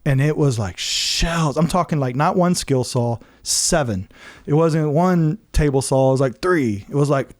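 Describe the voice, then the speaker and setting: Man telling a story with animated quotes. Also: a little high, a little slow. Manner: animated, acts out quotes, laughs often. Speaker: podcast host telling his story. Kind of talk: casual storytelling.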